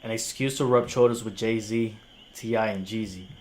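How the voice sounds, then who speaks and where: A man's voice: fairly low pitch, fairly even intonation, moderate pace, darkish tone. A young man whose first language is Spanish, reviewing music on a live stream and arguing with a critic in casual slang. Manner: casual slang, incredulous and argumentative.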